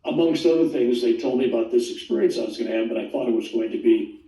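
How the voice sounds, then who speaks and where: An older man casually telling his near-death story in a rambling, animated way, acting out the voices he quotes. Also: mid-range voice, fast talker. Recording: roomy sound, distant from the mic.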